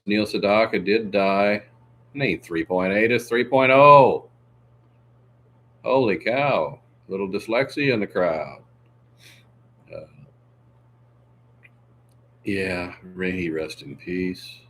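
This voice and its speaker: Chatting with his livestream viewers, a man meanders and jokes, sprinkling in "uh" and asides and sniffling at times. He speaks slowly with long pauses in a lowish, fairly bright voice, over slight background noise.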